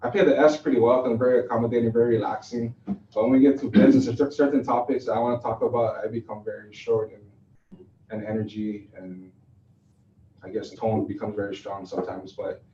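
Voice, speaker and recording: A man runs a sales training in a mellow, unhurried voice, caught by a mic some way off. The room is echoey and the sound is dull. He talks loosely, full of fillers and restarts. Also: on the low side, fairly even intonation, recorded from a distance, a little hiss or hum. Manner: casual, loose and chatty with fillers. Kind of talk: classroom training talk.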